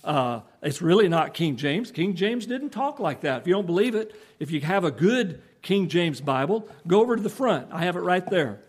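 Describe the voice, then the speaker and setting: High-voiced man preaching earnestly. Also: big pitch swings, slightly rough. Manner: earnest, emphatic, with rhetorical questions; reads scripture slowly in old-fashioned English. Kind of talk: sermon reading and explaining scripture.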